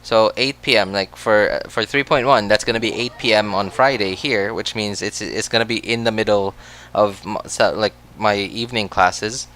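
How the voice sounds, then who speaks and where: A man's voice: fairly low pitch, fairly even intonation, moderate pace, a bit bright. A man chatting casually on a game livestream, rambling with many restarts and frequent laughs. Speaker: game streamer.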